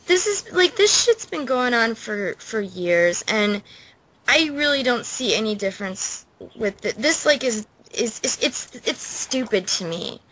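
A woman's voice: a little high, sing-song, unhurried, a bit bright, rough recording. A woman on a casual podcast, ranting bluntly and swearing freely.

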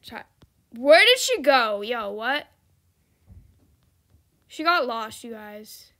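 Bright, high-voiced young woman gamer. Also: very animated, slow. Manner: dramatic, laughs often, exclaims and trails off. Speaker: gaming video creator. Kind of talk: casual gameplay commentary.

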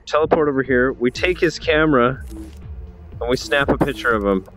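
A young man streaming a VR game, joking around and reacting loudly as he plays. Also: mid-range voice, moderate pace, soft background music. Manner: excitable, jokey, loud reactions. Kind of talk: casual game commentary.

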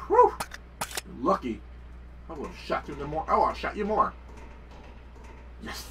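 A man giving casual let's-play commentary, excitable, swearing often and talking to the game characters. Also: fairly high pitch, moderate pace, long pauses, far from the mic, a little hiss or hum, low-quality recording. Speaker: gameplay commentator.

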